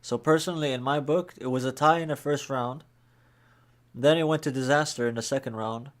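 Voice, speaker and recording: A man with a mid-range voice chats through his reactions in a relaxed, casual way. He fills his talk with "like" as he weighs each round. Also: medium pitch, a little fast. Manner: relaxed, chatty, many "like" fillers. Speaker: reaction channel host. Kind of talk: casual commentary.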